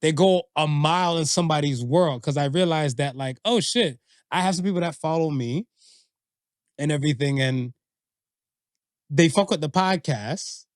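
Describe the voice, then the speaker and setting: A man's voice: moderate pace, no echo. A man co-hosting a podcast in casual chat, telling stories and doing quoted voices, in a dry room. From Jamaican family background. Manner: animated storyteller, acts out quotes in high voices. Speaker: podcast co-host.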